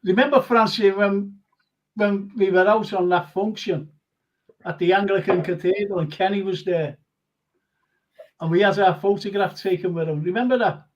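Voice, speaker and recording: Chatty older man, high voice. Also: steady tone, moderate pace. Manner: chatty storyteller, laughs often. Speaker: host. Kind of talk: live fan show chat. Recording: dull lo-fi stream audio.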